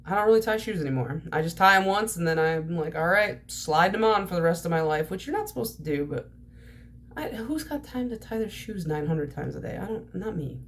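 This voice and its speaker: A woman's voice: lowish voice, lively intonation, brisk. A young woman with a stuffy, nasal voice from allergies, rambling nonstop in casual chat to her camera while vlogging. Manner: chatty stream-of-consciousness talk. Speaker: nail polish vlogger.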